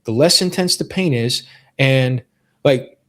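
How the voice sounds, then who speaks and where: A man's voice: medium pitch, unhurried, fairly bright tone. A man hosting a podcast in casual conversation, talking earnestly and repeating phrases for emphasis. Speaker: podcast host.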